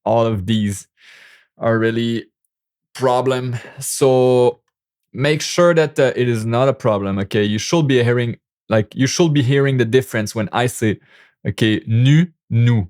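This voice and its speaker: Man, Québécois French accent, native French speaker, young adult, casual language teacher, measured pace, repeats sounds. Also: mid-range voice, darkish tone. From Quebec. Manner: repeats sounds many times with drawn-out demonstrations. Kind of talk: casual spoken lesson.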